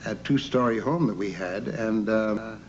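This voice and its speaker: A man's voice: lowish voice, unhurried. An older man telling rambling childhood stories in a conversational interview, full of fillers. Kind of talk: interview storytelling about childhood. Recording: dull lo-fi recording with faint background noise.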